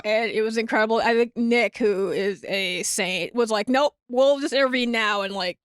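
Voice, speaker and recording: Slightly high and resonant, this woman's clear voice keeps a moderate pace in a clean studio recording with no echo. An Upper Midwest American comedian, she's a guest on a casual podcast. She spins animated stories, performs the quotes, and laughs a lot.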